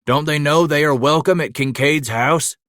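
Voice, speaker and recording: A man voicing a gruff, hospitable old mountain man, hollering in a folksy frontier drawl. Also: fairly high pitch, moderate pace, a bit bright, no echo, clean studio sound, voice pushed up, lightly acted. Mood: hearty.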